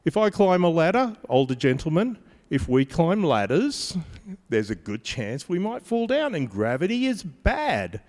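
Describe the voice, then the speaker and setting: A man's voice: on the high side, big pitch swings, a little slow, darkish tone, in a large hall. A middle-aged man preaching a sermon, telling stories in a conversational way with humorous asides. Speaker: pastor.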